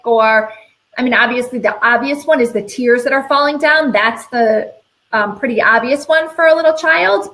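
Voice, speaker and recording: Woman, interviewer, high pitch, agreeable, casual chat. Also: a bit bright, poor audio. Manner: agreeable, thinks aloud with fillers. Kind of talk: conversational interview.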